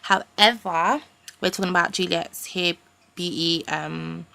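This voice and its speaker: A woman's voice: lowish voice, fairly even intonation, a little slow, creaky, sharp tone. A young woman, ranting in a rambling, indignant way with casual slang as a vlogger. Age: young adult. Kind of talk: ranting to camera.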